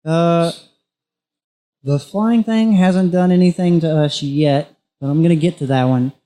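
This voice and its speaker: A man playing in a tabletop game, talking through his moves deliberately and checking the rules as he goes. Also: a little high, mellow. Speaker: player. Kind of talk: casual game chat.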